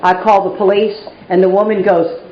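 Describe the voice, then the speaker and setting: A woman's voice: medium pitch, level tone, a little fast. Candid middle-aged woman telling her story. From Texas. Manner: candid, wry, self-mocking storytelling. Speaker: recovery meeting speaker. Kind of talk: personal testimony talk. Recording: roomy, dull live recording.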